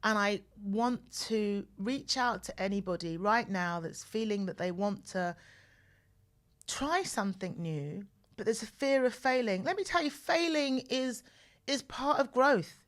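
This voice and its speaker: A woman in her forties hosting a podcast, telling personal stories in an animated way and repeating phrases for emphasis, close to the mic. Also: mid-range voice, a little slow. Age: 40s. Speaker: podcast host. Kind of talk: personal storytelling monologue. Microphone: mic close to the mouth.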